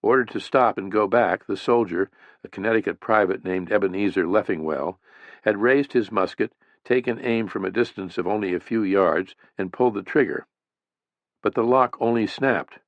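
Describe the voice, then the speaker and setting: Low-voiced man narrating a history audiobook. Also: moderate pace, no room sound, muffled recording. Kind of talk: scripted narration.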